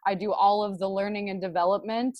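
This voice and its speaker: A woman's voice: medium pitch, fairly even intonation, brisk, dry recording, muffled recording. A woman co-hosting a podcast, talking casually and chattily with frequent fillers. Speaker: podcast co-host.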